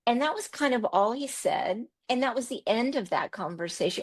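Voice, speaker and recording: A middle-aged woman telling personal stories in an animated conversational way, repeating words for emphasis. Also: fairly high pitch, fairly quick, breathy edge. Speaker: podcast host as interview guest. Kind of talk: conversational storytelling.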